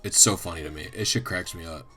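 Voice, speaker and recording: A man's voice: deep voice, fast, bright, forceful tone, soft background music. A man streaming, chatting casually and ramblingly, swearing a lot and often laughing. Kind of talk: casual livestream chat.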